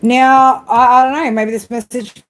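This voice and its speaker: A woman's voice: fairly high pitch, flat delivery, moderate pace. A woman giving a live tarot reading in a blunt, profane monologue, ending nearly every phrase with a tag question. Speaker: tarot reader.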